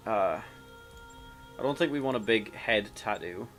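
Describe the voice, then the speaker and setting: A man's voice: lowish voice, expressive, a little slow, fairly bright tone, soft background music. A man casually commenting while playing a video game, reading its story text aloud in a rambling, self-mocking way with many restarts. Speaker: let's play commentator.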